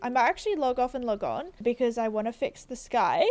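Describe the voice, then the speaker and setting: Giggly high-voiced woman gaming. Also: expressive, fairly quick, darkish tone, faint music behind. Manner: giggly, apologetic, rambling. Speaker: gaming YouTuber. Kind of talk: casual gameplay commentary.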